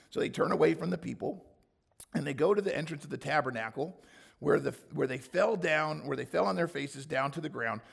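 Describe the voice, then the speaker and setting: A pastor preaches a sermon in a hoarse voice, reading scripture and acting out the people's complaints with sudden loud, high bursts.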